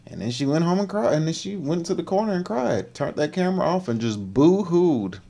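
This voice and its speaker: A man with a fairly high voice hosting a livestream, reacting to clips in a teasing, animated way. He keeps tossing in slang tags as he talks. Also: fast, vocal fry. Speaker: livestream host. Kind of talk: casual reaction commentary.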